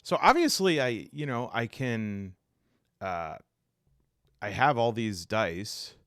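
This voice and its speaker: Animated man unboxing games. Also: medium pitch, no echo, clean studio sound. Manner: animated, exasperated, rambling with restarts. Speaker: tabletop game reviewer. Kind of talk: casual unboxing vlog.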